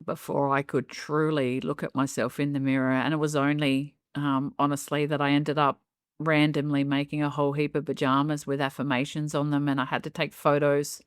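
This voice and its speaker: A woman's voice: low-pitched, flat delivery, moderate pace, smooth, no room sound, studio quality. A middle-aged woman telling her own life story as a podcast guest. She speaks openly and reflectively, with frequent "um" and "you know". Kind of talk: candid personal storytelling in a podcast interview.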